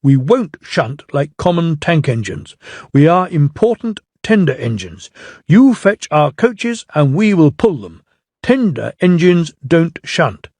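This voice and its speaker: A man's voice: on the high side, big pitch swings, takes it slowly, a little mellow, no echo, pitched above the performer's own voice, full character voice. A man voicing a rude, haughty big male steam engine who thinks himself important.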